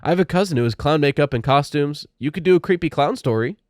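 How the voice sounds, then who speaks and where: A man's voice: a little high, expressive, fast talker, no room sound, clean studio sound, pitched above the performer's own voice, close to an everyday voice. A man reading an audiobook voices an awkward, eager teenage boy who talks in a rush.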